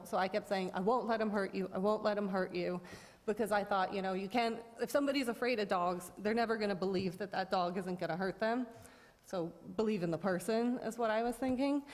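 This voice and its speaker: A woman giving a rambling account at a town board hearing, full of fillers and restarts. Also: mid-range voice. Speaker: dog owner at a public hearing. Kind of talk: informal testimony. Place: town board meeting room. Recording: long reverb of a meeting room.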